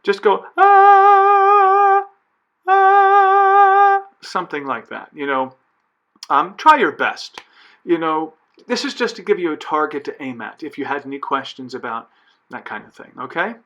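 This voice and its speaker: A choir director talks his singers through a piece in a patient, methodical way. His voice sits a little high for a man. He counts beats aloud and sings short examples as he goes. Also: expressive, moderate pace, muffled recording. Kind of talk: recorded choir instruction.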